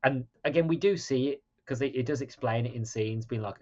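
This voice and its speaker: Animated male podcast co-host. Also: mid-range voice, fairly quick, few pauses, dull audio. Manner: animated, acts out scenes in quoted voices. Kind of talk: casual chat.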